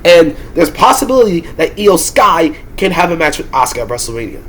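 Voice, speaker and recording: A man with a somewhat high, strained voice that is going hoarse, ranting through a vlog of wrestling predictions. He talks with heated frustration and flares up into loud, cursing outbursts. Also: very animated, a little fast, few pauses. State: losing his voice. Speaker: wrestling commentator and YouTuber.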